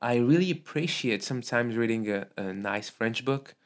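A man whose first language is Arabic hosts a casual conversation, speaking English haltingly and often searching for words. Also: mid-range voice, lively intonation. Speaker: podcast host.

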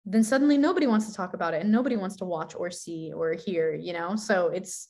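A young woman, a guest who competes in gymnastics, chatting in a bubbly, animated way and laughing often. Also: fairly low pitch, fast talker. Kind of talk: casual chat.

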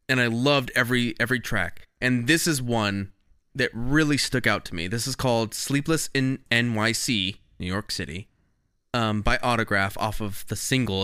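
Bright clear guy rambling on a music podcast, into a close mic. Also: mid-range voice, dry recording. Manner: enthusiastic, rambling storytelling. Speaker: podcast co-host. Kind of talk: casual music podcast chat. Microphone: podcast microphone.

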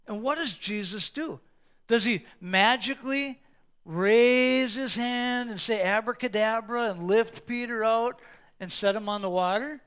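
A male pastor preaching a sermon, animated and acting out Bible scenes with props and quoted voices. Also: very high-pitched, a little slow, clear, resonant tone.

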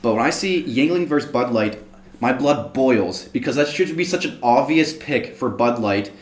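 A man's voice: mid-range voice, expressive, moderate pace, reverberant. A man from Pittsburgh on a casual podcast, ranting in a fired-up way and laughing at himself. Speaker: podcast co-host. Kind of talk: casual chat.

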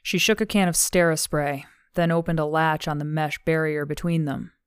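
A woman reads a novel aloud in measured, steady narration. Her voice sits low and smooth, and the sound is dry and close to the mic. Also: no room sound. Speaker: audiobook narrator. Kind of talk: scripted audiobook narration.

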